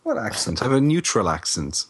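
A man's voice: lowish voice, very animated, a little fast, husky. An Irish man co-hosting a podcast in casual chat, teasing and wry. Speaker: podcast co-host.

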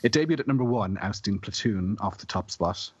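A man's voice: fairly low pitch, lively intonation, brisk, a little mellow, husky, dry recording, muffled recording. A man, co-hosting a casual film podcast, wry and reading trivia notes aloud. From Ireland. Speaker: podcast co-host.

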